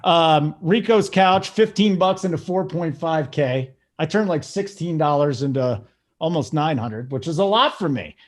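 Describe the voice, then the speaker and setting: Man, sports show host, hyped, promotional, joking, a bit high. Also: expressive, measured pace. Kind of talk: casual sports betting show banter.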